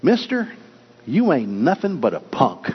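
A man voicing a cheeky male talking parrot that insults a shop customer in a taunting, drawn-out way. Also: mid-range voice, wildly swooping pitch, husky, exaggerated voice. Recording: lo-fi with long hall reverb.

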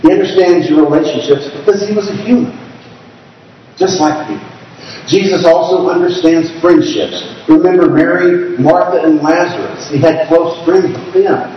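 Folksy preacher in an echoey hall. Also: male voice, on the high side, moderate pace, slight background noise. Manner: folksy storytelling preacher, acts out quoted voices. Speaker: pastor. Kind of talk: sermon. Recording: distant, dull, echoey hall.

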